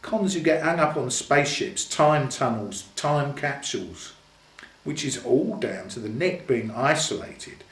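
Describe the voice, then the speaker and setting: A measured, deadpan male prisoner explains things in an even, steady way, as an older man reads him out. The voice stays close to the reader's own. The recording is echoey. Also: medium pitch, natural voice. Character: dry male convict collagist, measured and deadpan. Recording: echoey room.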